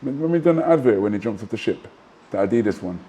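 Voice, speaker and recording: A middle-aged man recounts his stories in a casual interview. His voice is dark and mellow, and his delivery is animated and full of asides and restarts. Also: on the low side, fast, slight background noise. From Manchester, England. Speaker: guest, former professional boxer.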